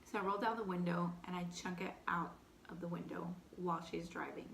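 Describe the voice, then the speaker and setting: A young woman with a light Texan accent casually telling a personal story between bites, animated and candid, full of "like". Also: fairly low pitch, fairly quick, gravelly, echoey room, noisy background. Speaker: vlogger. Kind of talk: storytime eating show chat.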